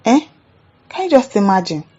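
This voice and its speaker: A woman with a Nigerian accent hosts a commentary show, reacting to viewer comments with exasperated indignation. Her voice is mellow and warm, sitting at an ordinary pitch for a woman. The recording sounds slightly dull and lo-fi. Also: very animated, moderate pace.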